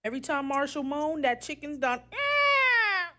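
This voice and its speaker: A woman tells a long comic story on a podcast call-in segment. Her delivery stays steady and deadpan. Her voice sits at an ordinary middle pitch. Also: a little fast. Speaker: caller telling a story. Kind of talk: reading a comic story aloud.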